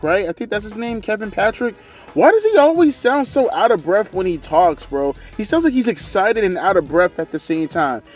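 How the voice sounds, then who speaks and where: A man in his thirties giving a profane, ranting review of a wrestling show from his living room. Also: high-pitched. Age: 30s. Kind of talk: ranting casual commentary.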